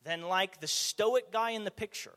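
A man preaching a conversational sermon, animated, asking the audience rhetorical questions, in a church or meeting hall. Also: high-pitched, moderate pace. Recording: long hall reverb.

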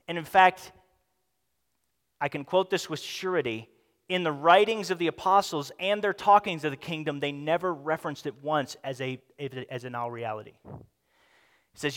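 High-voiced pastor preaching in a hall. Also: male voice. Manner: animated, acts out the quoted speech. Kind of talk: sermon.

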